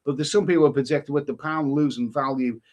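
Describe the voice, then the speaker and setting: A man's voice: medium pitch, fairly even intonation, fast, darkish tone. A middle-aged man from England hosting a casual live stream, reading out viewer names and messages and chatting about them. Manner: rambling, chatty, reads out usernames and messages.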